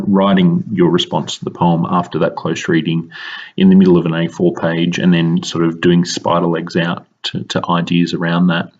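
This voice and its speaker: A man teaching a recorded lesson, explaining slowly and carefully with frequent ums. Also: low-pitched, a little mellow, slightly rough, highs cut off.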